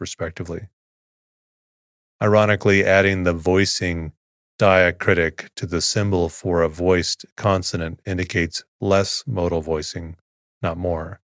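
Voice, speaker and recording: Deep-voiced man reading slowly. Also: no room sound, clean studio sound. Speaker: sleep podcast host. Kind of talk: slow monotone sleep-story reading.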